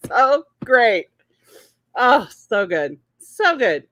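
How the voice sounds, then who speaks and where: A woman hosting a podcast, gushing and excitable in casual chat. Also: on the high side, drawn-out words, long pauses, no echo, clean studio sound. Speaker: podcast host.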